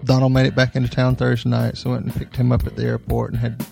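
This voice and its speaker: Easygoing podcast guy, gravelly voice, a bit of guitar music in the back. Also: mid-range voice, completely flat delivery, quick pace, a little mellow. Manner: laid-back, joking storyteller. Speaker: podcast co-host. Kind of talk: casual chat.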